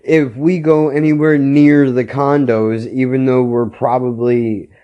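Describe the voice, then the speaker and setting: A man's voice: medium pitch, little pitch movement, unhurried, highs cut off. A male podcast host telling a story as a blunt, heated rant full of swearing.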